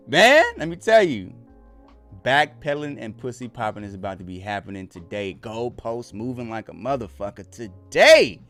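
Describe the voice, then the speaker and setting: Male streamer, mid pitch, very expressive, casual and profane, speech. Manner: animated, laughing, swearing, loud whoops. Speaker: live stream host. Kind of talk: casual live reaction stream chat.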